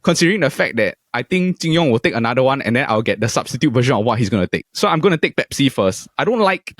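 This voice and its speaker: Quick, lively Singaporean podcast host. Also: male voice, medium pitch, no echo, studio quality. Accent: Singaporean English. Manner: lively, quick, uses lah and leh particles. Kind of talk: casual podcast chat.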